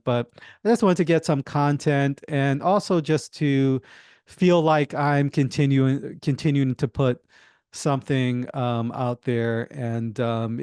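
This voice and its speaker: Halting, easygoing man hosting a podcast. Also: medium pitch, a little mellow, smooth, no echo, clean studio sound. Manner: halting, many restarts and "you know". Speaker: podcast host. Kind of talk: casual solo monologue.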